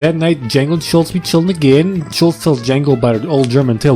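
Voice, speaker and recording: A man's voice: mid-range voice, fast, few pauses, warm tone, soft background music. A young man narrating comedic movie recaps in a crude, mocking way, often breaking into silly voices.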